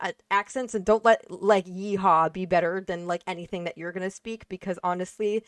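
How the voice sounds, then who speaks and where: A young woman on a casual panel, speaking bluntly and swearing freely, with lots of "like" and "um". Her voice sits a little low, and the recording is dry and close. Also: steady tone, a little fast, hardly any pauses, no echo. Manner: blunt, emphatic, swears freely, many fillers.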